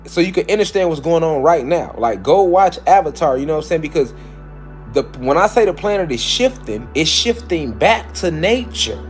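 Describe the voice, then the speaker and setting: A man's voice: fairly high pitch, very animated, moderate pace, soft background music. A man giving a casual spiritual lecture, preaching to his listeners, repeating phrases and calling them family. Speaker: spiritual talk host.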